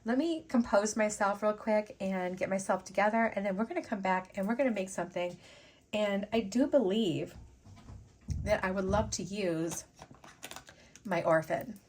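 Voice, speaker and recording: A woman hosting a casual jewelry-making vlog, gushing and excitable, chatting to viewers as she unboxes beads. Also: mid-range voice, a little hiss or hum. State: teary and sniffly after sneezing. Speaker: jewelry-making channel host.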